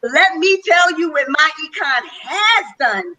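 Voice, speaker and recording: A woman's voice: high-pitched, animated, unhurried, bright, forceful tone, rough recording. A middle-aged woman giving an enthusiastic, chatty testimonial as a speaker on a webinar panel call.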